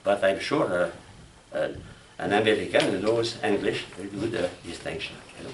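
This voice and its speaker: A man from France with a French accent, giving a classroom lecture on logic, speaking haltingly with restarts and asking "huh?" and "you know?". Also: sits low. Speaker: logic instructor. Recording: echoey room from far off, faint noise.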